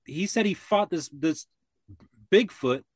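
An older man spins a long yarn in relaxed, easy talk. He circles back on himself, restarts his sentences and acts out the voices of the people in his story. The sound is dry and close. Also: a little high, takes it slowly, husky, no echo. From Florida. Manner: rambling, restarts often, acts out quoted voices. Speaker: podcast guest. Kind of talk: casual storytelling.

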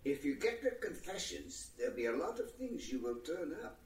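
A composed, matter-of-fact doctor in a 1930s film, with a slightly raised voice that moves in lively swings. He sounds set back from the mic in a roomy old soundtrack. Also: fairly high pitch, brisk, recorded from a distance.

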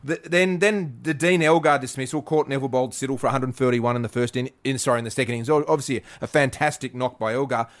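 An Australian man, a podcast co-host, ranting in a fired-up, indignant way. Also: medium pitch. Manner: indignant, rapid-fire complaints.

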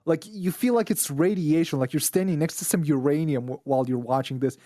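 A man's voice: fairly high pitch, fairly quick, dark tone, no room sound, clean studio sound. A man from Israel, a podcast guest, ranting bluntly and profanely in casual chat.

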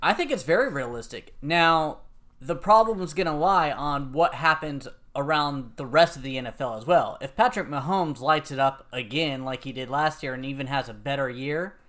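A man's voice: a little high, normal speed, fairly bright tone. A man co-hosting a casual sports podcast, giving his opinions in a conversational way. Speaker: podcast co-host.

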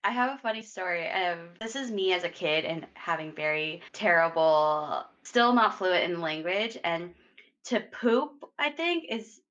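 A young woman in casual chat, telling animated stories and laughing often as a podcast co-host. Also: fairly low pitch, unhurried, highs cut off.

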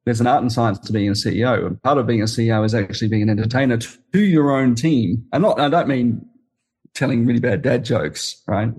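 A man hosts a casual podcast interview in a voice that is a little husky, at a middle pitch. He laughs easily and keeps checking in with his guest, with a "right?" or a "you know" every few phrases. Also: brisk, a little mellow. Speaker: podcast host.

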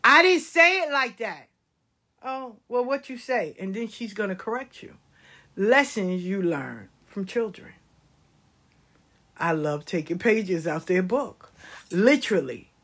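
A middle-aged woman telling comedic stories in a casual, animated way, swearing freely. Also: on the low side, slightly rough. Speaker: storyteller.

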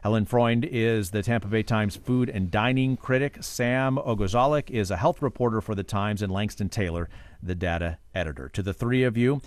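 A man hosting a radio call-in show, introducing guests in a clear announcer-like manner. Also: mid-range voice, no room sound.

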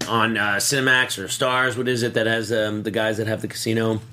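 A man co-hosting a casual podcast, often pausing and searching for words. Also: lowish voice, level tone, background noise. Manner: halting, searching for words with many ums. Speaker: podcast co-host. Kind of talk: casual chat.

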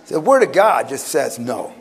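A man preaching a sermon at a conference, animated, swinging from loud bursts to hushed tones. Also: medium pitch, moderate pace. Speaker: pastor. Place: conference hall, live audience.

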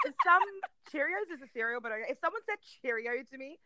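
A British woman in her thirties, a podcast guest, chatting in an animated, laughing way with salty banter. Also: high voice, quick pace, dry recording. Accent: British English. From Britain. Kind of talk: casual podcast chat.

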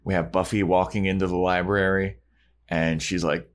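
A man's voice: low-pitched, little pitch movement. A man co-hosting a podcast, casually retelling scenes and swearing freely. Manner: retells scenes putting on quick character voices, swears casually. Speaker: podcast co-host. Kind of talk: casual recap chat with acted quotes.

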